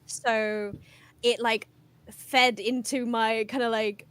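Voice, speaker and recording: A woman's voice: fairly high pitch, flat delivery, slow pace, a bit bright, smooth. A woman from England with a hard-to-place southern English accent, a guest on a casual stream chat, bubbly and rambling.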